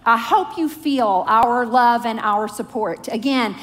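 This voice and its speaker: A woman's voice: fairly high pitch, slow pace, fairly bright tone, in a large hall. A middle-aged woman speaking from the pulpit to her congregation, chatty, playful and self-mocking as she prays and shares family stories. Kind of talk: prayer and church talk. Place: church sanctuary.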